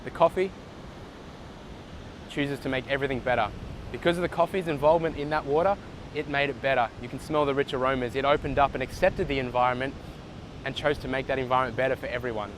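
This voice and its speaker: A man's voice: mid-range voice, steady tone, fast, noisy background. Earnest man giving a motivational talk. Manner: earnest, encouraging, affectionate. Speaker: motivational vlogger. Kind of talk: motivational storytelling. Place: outdoors in the sun near water.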